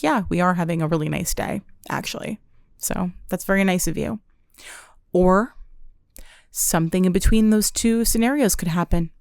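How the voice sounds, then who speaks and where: A young woman hosting a podcast, telling stories in a chatty, self-deprecating way with deadpan humor. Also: on the low side, vocal fry, clear, resonant tone, dry recording, studio quality. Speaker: podcast host. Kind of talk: casual storytelling chat.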